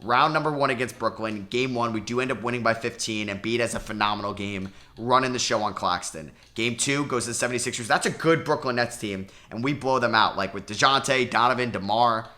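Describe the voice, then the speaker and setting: A young man commentating his own basketball video game playthrough, excitable and swinging between hopeful pleading and groaning despair. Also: mid-range voice. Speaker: gaming commentator.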